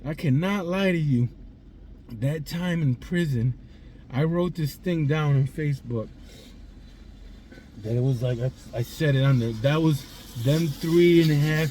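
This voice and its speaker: A man's voice: on the high side, warm tone, slight background noise. A man in his forties hosting a confessional vlog from inside a parked car, raw and emotional, swearing freely and choking up as he talks. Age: 40s. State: tearful, choked up. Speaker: vlog host.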